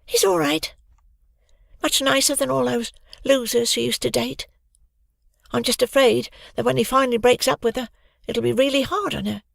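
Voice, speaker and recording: A narrator voicing a sleepy, curious young girl in a children's audiobook, sometimes dropping to a breathy whisper. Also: high voice, steady tone, moderate pace, fairly bright tone, no room sound, studio quality, pitched above the performer's own voice, exaggerated voice. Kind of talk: audiobook character voice.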